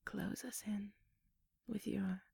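A young woman in a whispered role-play, murmuring coaxing, teasing directions with soft little laughs. Her whisper is very airy and mellow, with a faint gravelly edge, and she takes her time over every word. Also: mid-range voice, steady tone, slow pace, no room sound. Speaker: ASMR role-play performer.

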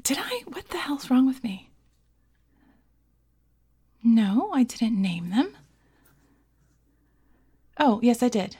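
A woman's voice: on the high side, sing-song, slow, pauses often, warm tone, breathy edge. A woman performer chatting casually between requests, rambling and laughing, sometimes dropping into a whisper. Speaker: live performer reading requests. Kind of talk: casual chat.

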